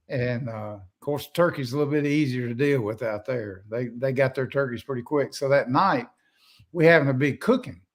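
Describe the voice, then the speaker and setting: An older man, a podcast guest telling folksy, rambling stories with many restarts. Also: medium pitch. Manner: folksy, rambling, self-interrupting. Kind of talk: casual storytelling.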